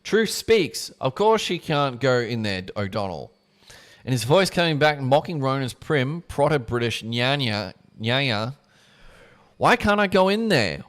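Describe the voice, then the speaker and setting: Medium in pitch and fairly bright in tone, a man reads a book aloud during a livestream. He punctuates the passages with casual asides that include swearing.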